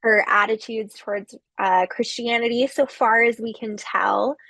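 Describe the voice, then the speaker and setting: A woman giving a recorded literature lecture, explaining slowly with occasional fillers. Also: a little high, steady tone, creaky, fairly bright tone, no room sound.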